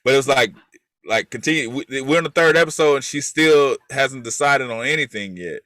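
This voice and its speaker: A man co-hosting a casual show review, talking in an animated, rambling way with frequent restarts. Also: medium pitch, fairly quick, dry recording. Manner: animated, chatty, repeats words when restarting. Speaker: co-host. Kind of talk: casual chat.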